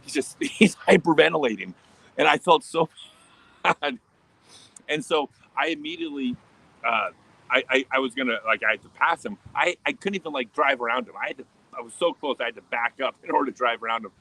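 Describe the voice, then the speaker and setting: A man hosting a casual livestream, telling a driving story and answering chat questions with laughter and quick asides. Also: mid-range voice, lively intonation, gravelly, pushed and bright, low-quality recording. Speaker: livestream host. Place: home in Australia, livestream.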